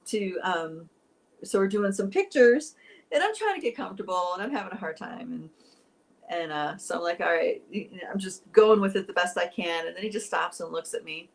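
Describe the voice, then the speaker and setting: A woman's voice: on the low side, lively intonation, normal speed, gravelly, poor audio. Emotional woman teacher telling a story. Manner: emotional, teary at moments, rambling. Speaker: spiritual teacher. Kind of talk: personal storytelling.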